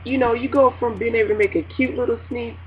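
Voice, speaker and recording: Woman gospel radio host, casual chat, animated and joking, dull lo-fi sound, faint hiss. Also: a little high, fast. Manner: animated, laughing, joking asides. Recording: dull lo-fi home recording with faint noise.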